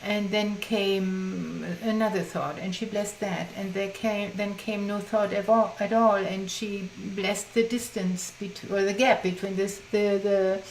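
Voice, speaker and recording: A woman's voice: medium pitch, fairly even intonation, unhurried, hardly any pauses. A woman teaching in her groups, interviewed while she tells a story in an earnest way, with many restarts. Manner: earnest, many restarts, acts out quoted speech. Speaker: guest, teacher of imagination groups. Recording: roomy echo, faint background noise.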